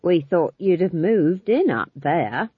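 A woman voicing an older, easygoing female witch who speaks in an unhurried, chatty way, in an audiobook. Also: fairly low pitch, big pitch swings, slightly rough, dry recording, full character voice. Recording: slightly dull lo-fi recording.

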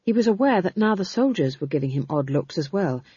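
A woman narrates a story with a husky, low voice that rises and falls freely. The recording is dry and a little dull. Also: a little fast, no echo. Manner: expressive storytelling. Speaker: audiobook narrator. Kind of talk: scripted narration.

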